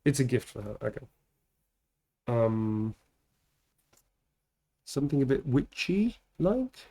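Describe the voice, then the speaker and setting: A man's voice: mid-range voice, sing-song, takes it slowly, warm tone. Tired, laughing livestream host man. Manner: laughs often, playful and teasing. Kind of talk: casual live-stream chat.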